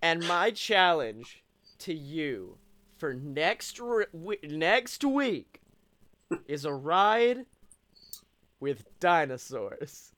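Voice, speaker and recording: Bright-voiced joking podcast host man. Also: fairly high pitch, sing-song, drawn-out words, pauses often. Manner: joking, profane, bursts into loud laughs and voices. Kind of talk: casual comedic chat.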